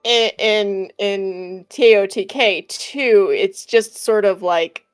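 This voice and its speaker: Slow, hesitant woman player. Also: medium pitch, clean tone, faint music behind. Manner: hesitant, halting with fillers.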